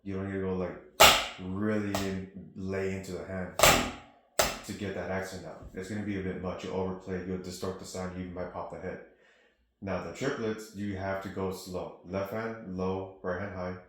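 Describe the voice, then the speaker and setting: Brief: deep, monotone male drum teacher, practical and steady, echoey studio with loud drumming behind. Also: normal speed, background noise. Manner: steady, practical explanations mixed with spoken counts. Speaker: drum instructor. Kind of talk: casual teaching with counting aloud. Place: music studio room. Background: snare drum playing.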